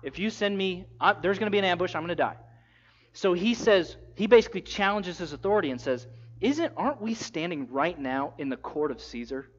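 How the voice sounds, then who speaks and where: Animated high-voiced male preacher. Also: brisk, dull audio. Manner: animated storytelling, acting out quotes in a casual voice. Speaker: pastor. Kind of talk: sermon.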